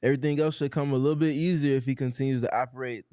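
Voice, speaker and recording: A man co-hosting a live game watch-along, offering calm, measured analysis of the plays. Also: medium pitch, smooth, no echo, studio quality. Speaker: co-host.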